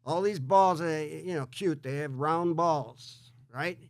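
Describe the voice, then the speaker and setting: A slightly high-pitched man hosting an interview, animated and repetitive, stumbling over his words as he builds a point. The sound is dry and close, with little room around it. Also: slow pace, dry recording. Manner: animated, repeats words, quotes Shakespeare. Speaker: show host. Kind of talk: conversational interview.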